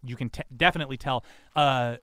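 A man's voice: medium pitch, quick pace, pushed and bright, no echo. Playful man running a tabletop game. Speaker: game master.

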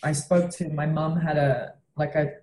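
This young Western Australian woman, a comedian guest, has a low, mellow voice with a steady tone and a moderate pace. She animatedly recounts a story in casual chat, freely swearing and performing quotes, and the recording carries a roomy echo.

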